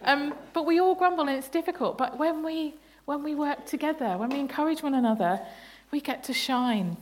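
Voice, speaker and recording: A bible study leader with a high-pitched voice speaks a little fast, with slight background noise in the recording. During a church service, she leads an interactive family sermon, laughing playfully as she questions the congregation.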